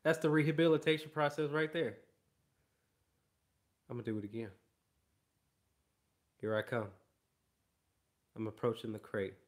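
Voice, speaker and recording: A man's voice: mid-range voice, level tone, normal speed, pauses often. A man working as a dog trainer, explaining training in an emphatic way and repeating key phrases. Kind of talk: instructional explanation.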